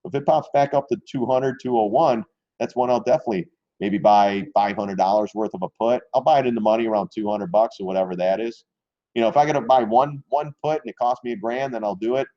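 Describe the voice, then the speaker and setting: Blunt, rambling man with a dark voice. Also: medium pitch, fast, dry recording, muffled recording. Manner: rambling, candid, frequently clears throat; blunt, swears casually. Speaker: stock trading live stream host. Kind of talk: casual live-stream chart commentary.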